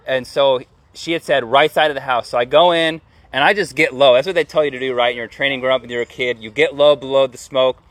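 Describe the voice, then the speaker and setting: A man in his thirties telling a story casually, full of fillers and acting out shouted lines. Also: mid-range voice, fast, dry recording. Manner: animated, lots of fillers, acts out yelling.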